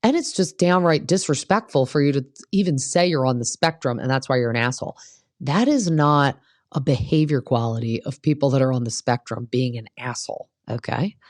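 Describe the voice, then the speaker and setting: A woman's voice: extremely low pitch, brisk, no room sound, clean studio sound. Blunt, gossipy woman recapping reality TV. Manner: blunt, opinionated, swears freely.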